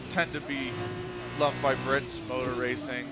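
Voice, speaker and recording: A man's voice: medium pitch, flat delivery, measured pace. Casual, swearing male streamer over engine noise. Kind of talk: live gameplay commentary. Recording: loud race car engine noise. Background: racing game car sounds.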